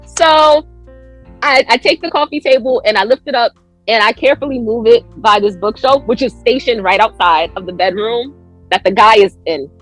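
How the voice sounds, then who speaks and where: A woman's voice: moderate pace, faint music behind, poor audio. A woman guest on a podcast telling a story in casual chat, acting out quoted lines with big jumps in her voice. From United States. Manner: animated, acts out quotes with big pitch jumps.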